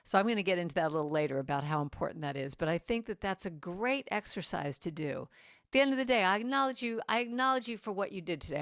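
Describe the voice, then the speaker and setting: A woman giving an inspirational talk at a church, chatting and coaxing the congregation, with soft, tender asides. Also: lowish voice, no room sound, studio quality. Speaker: guest speaker and singer. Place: church sanctuary.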